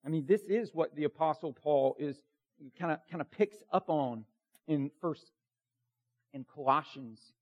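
Guy preaching a sermon, pretty high voice, emphatic, chatty with lots of likes and you-knows. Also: measured pace. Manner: emphatic and conversational, with many fillers. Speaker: pastor.

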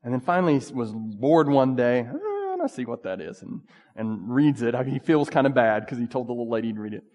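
A man preaching a sermon in a relaxed, conversational way, full of asides. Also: medium pitch, fast, long reverb tail. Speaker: pastor.

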